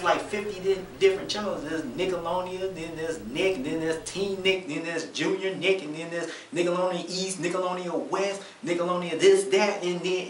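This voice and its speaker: A man's voice: high voice, reverberant, distant mic, a little hiss or hum. A man doing a stand-up comedy routine, telling an exasperated story with acted-out quotes.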